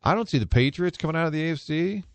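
A man co-hosting a talk show, relaxed and joking, thinking his football picks through out loud. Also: on the high side, rapid-fire, no room sound. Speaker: show co-host. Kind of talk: casual sports chat.

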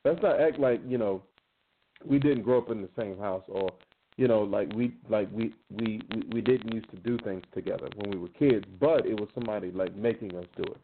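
A man's voice: lowish voice, brisk. A man, chatting casually as a guest, with many fillers. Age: 30s. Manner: conversational, many fillers, laughs while telling stories. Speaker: guest panelist. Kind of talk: casual chat. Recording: tinny phone line with faint noise.

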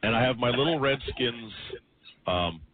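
A man's voice: mid-range voice, a little slow. A male radio host delivering a dramatic sports talk monologue, acting out family members as he tells it. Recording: tinny radio broadcast with faint hiss.

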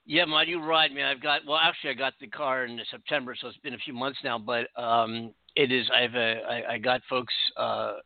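A man's voice: mid-range voice, fairly even intonation, a little fast, gravelly, few pauses, dry recording. A man from the United States hosting a casual radio talk show, earnest and rambling with many restarts. The sound is tinny and dry, like a phone line.

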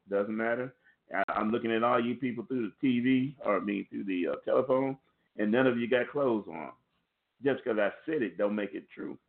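A man preaching a sermon to listeners on a conference call, warning them in an earnest, repetitive way and restarting phrases as he goes. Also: mid-range voice. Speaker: pastor. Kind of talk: sermon over a phone line. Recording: tinny phone line.

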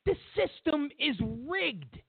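A man hosting a political talk show, his high voice gravelly and swinging widely in pitch as he hammers home points in repeated lists with sarcastic asides. He speaks slowly and deliberately. The sound is tinny and phone-like. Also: very animated, no room sound. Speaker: political commentary host. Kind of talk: opinionated political monologue.

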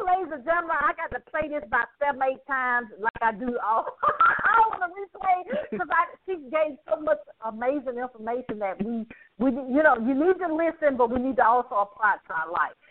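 Casting: high-pitched woman host, effusive and emotional, tinny phone-like sound. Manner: effusive, emotional, laughing often. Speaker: podcast host. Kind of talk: animated show sign-off.

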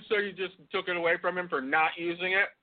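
Speaking a little fast in a high voice with fairly even intonation, a middle-aged co-host chats casually over a tinny phone connection. He keeps laughing and swearing without restraint.

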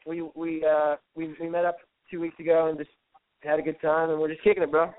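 Fast-talking man on a phone line. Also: fairly high pitch, flat delivery, dry recording. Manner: fast, slangy, says "bro" and "dude" a lot. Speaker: guest caller. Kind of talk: casual chat. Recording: dry tinny phone line.

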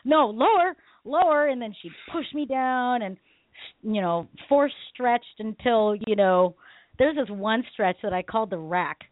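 A woman hosting a talk radio show, telling her own stories in a lively, casual way and laughing often. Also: medium pitch, a little slow, dry recording. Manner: animated storytelling, laughs often. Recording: tinny phone-line sound, dry.

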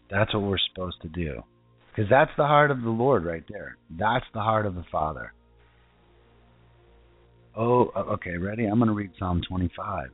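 Deep-voiced man preaching over a tinny line. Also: breathy edge, no echo. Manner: earnest, rhetorical questions, repeats phrases; slow deliberate scripture reading. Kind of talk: informal online sermon. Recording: tinny phone-like sound with faint music.

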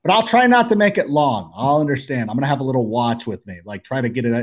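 A man chatting as a podcast guest, telling jokey stories in an animated way. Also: medium pitch, quick pace. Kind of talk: casual storytelling chat.

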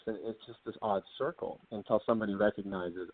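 Author guest, male, deeper voice, earnest and quick to laugh, phone-line sound. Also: steady tone, no echo. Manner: earnest, quick to laugh, acts out example dialogue. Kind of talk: explanatory interview talk. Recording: dry, tinny phone-like line.

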